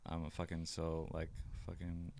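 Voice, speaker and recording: A man's voice: deep voice, monotone, moderate pace, gravelly, darkish tone. A man in casual podcast chat, rambling with many fillers and casual swearing.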